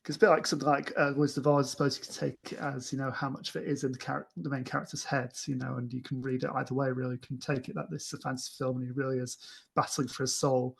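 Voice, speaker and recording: A man co-hosting a casual film discussion podcast, speaking enthusiastically but haltingly, with many restarts and fillers. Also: mid-range voice, flat delivery, creaky, husky. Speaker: podcast co-host.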